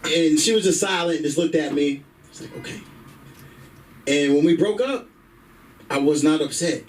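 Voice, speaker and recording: A man's voice: a little high, normal speed, recorded from a distance, a little hiss or hum, rough recording. A man doing a stand-up comedy set on a comedy club stage through a stage microphone, telling stories in a brash, profane way.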